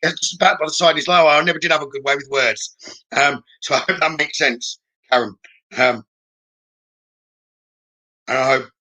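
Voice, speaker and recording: A man giving a live psychic reading, gentle and reassuring, often checking in with "okay?" and pausing with "um". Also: a little high, steady tone, low-quality recording. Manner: hesitant, with many "um" pauses. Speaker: psychic medium.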